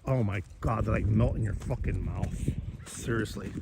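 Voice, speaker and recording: A man's voice: fairly low pitch, moderate pace, creaky, background noise. A man chatting casually while he cooks, rambling and cursing, with many restarts. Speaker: vlogger and host.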